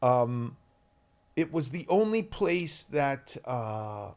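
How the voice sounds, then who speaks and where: Animated middle-aged man telling stories. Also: mid-range voice, drawn-out words. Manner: animated, acts out shouted quotes, many ums. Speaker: actor guest. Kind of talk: podcast interview storytelling.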